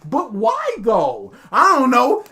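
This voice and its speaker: A woman's voice: sits high, wildly swooping pitch, slow, pushed and bright. A woman streamer ranting in casual commentary, exasperated and sarcastic, mocking characters in put-on voices. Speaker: streamer reacting live.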